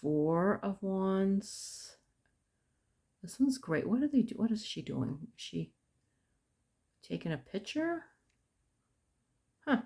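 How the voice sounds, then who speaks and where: A woman casually chatting through an unboxing, murmuring card names and softly admiring the artwork as she flips through the deck. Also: medium pitch, sing-song, unhurried, creaky, pauses often, husky. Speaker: tarot unboxing vlogger.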